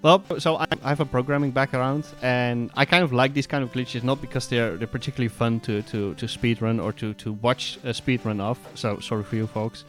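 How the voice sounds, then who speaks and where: A man's voice: medium pitch, steady tone, a little fast, hardly any pauses, soft background music. A man with a Dutch accent giving casual, rambling voiceover commentary on his own gameplay run, explaining things hesitantly. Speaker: speedrunner and commentator.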